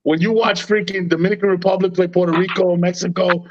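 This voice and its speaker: A man hosting a casual sports podcast, telling stories in an animated, slangy way with plenty of swearing. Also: high-pitched, fast talker, no room sound, highs cut off.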